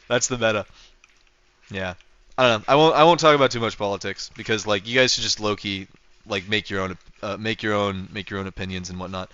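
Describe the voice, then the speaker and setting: A male streamer rambles easily through casual livestream chat, circling back with fillers and restarts. His voice is bright and forceful, with a smooth, crisp clarity. The sound is dry and close, but slightly dull and lo-fi. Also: lowish voice, a little fast, long pauses, no room sound. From North America. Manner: rambling, full of fillers and restarts, chuckling often.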